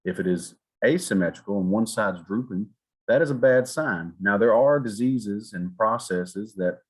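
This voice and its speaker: A man from South Georgia, lecturing an EMT class in a folksy, animated way. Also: low-pitched, breathy edge. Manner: folksy, animated, acts out patient exchanges. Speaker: EMS instructor.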